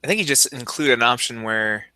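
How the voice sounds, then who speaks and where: Bright-voiced male co-host, laughing quips. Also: mid-range voice, animated, clean tone, no room sound. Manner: quick, opinionated quips with frequent laughs. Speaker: podcast co-host. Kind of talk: casual chat.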